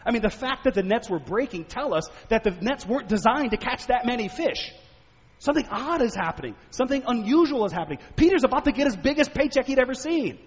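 A male preacher giving a sermon, telling stories and asking animated rhetorical questions. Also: very high-pitched, fast. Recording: echoey hall, dull lo-fi sound.

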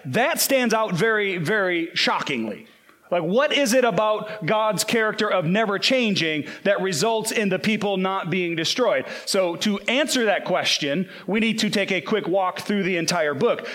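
A man preaching a sermon, earnest and emphatic, slowing down to quote scripture. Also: high voice, fairly bright tone.

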